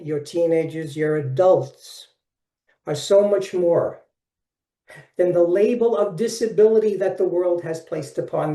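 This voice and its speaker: A man's voice: on the high side, dark tone. A man in his seventies from Brooklyn, New York, with a Brooklyn accent, giving a folksy, upbeat webinar presentation that talks straight to his listeners. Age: 70s. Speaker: workshop presenter. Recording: distant mic in an echoey room.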